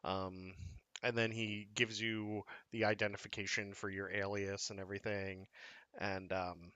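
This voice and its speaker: A man's voice: fairly low pitch, little pitch movement, unhurried, pushed and bright, no room sound. A man narrating a tabletop role-playing game as game master, in a hesitant way with many fillers.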